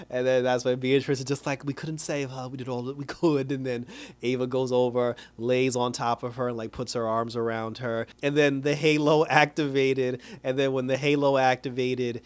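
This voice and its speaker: A man giving a casual, animated recap of a TV episode, laughing often as he paraphrases what the characters said. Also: mid-range voice, normal speed, clear, resonant tone. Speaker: TV show reviewer.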